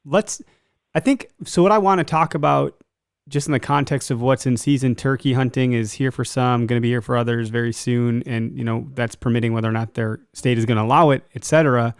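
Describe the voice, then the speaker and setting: A man with a gravelly, creaky voice hosts a casual talk show and leads his guest through the questions in an easy, conversational way. His voice sounds dry and close, with no room echo. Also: medium pitch, fairly quick. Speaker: host. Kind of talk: casual interview. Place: Wisconsin.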